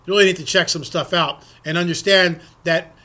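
A man's voice: high voice, fairly even intonation, fairly quick, sharp tone. A middle-aged man delivering an indignant political opinion monologue, ranting and firing off rhetorical questions. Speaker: political commentator.

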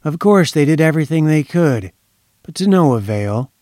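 Man doing a weary old gent muttering a sad story, quiet and flat, dry recording. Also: fairly high pitch, normal speed, no room sound, natural voice. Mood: somber. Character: grave, weary older gentleman recounting a tragedy.

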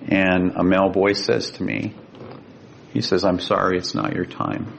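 Deep gravelly older man telling a story. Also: little pitch movement. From California. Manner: earnest, emotional, slows down for quoted speech. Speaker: guest. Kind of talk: personal storytelling. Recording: dull lo-fi sound with faint rumble.

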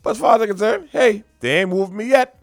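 Gravelly man in lively casual talk. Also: fairly quick, no echo, clean studio sound, faint music behind. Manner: animated, pitch jumps high when emphatic. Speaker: podcast co-host. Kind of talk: casual chat.

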